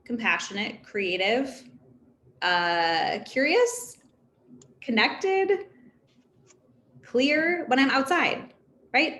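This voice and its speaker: Speaking informally to a parent council, this woman therapist in her thirties sounds a little high-pitched. She's conversational and animated, laughing between her points, in an echoey room with some faint background noise.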